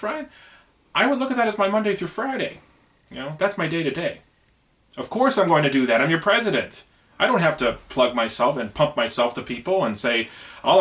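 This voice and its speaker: A man's voice: mid-range voice, a bit bright. A man who drives trucks, talking straight to camera about running for president, earnest and rambling with lots of "you know". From United States. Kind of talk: casual campaign video to camera.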